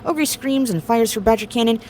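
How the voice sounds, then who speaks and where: Fast wry woman narrator. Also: a little high, mellow, a little hiss or hum. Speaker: recap narrator. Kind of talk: quick comic recap narration.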